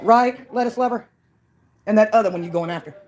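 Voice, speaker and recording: A woman's voice: medium pitch, a little fast, darkish tone, dull audio. A woman from Mississippi, ranting on her own channel in a combative, mocking way. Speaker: channel owner. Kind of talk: ranting call-out vlog.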